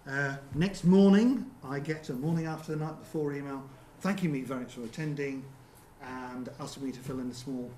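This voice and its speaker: A man presenting at a seminar in a theatre, talking conversationally with frequent ums and quick rhetorical checks with the audience. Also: mid-range voice, warm tone. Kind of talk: conference presentation. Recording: roomy venue with faint background hum.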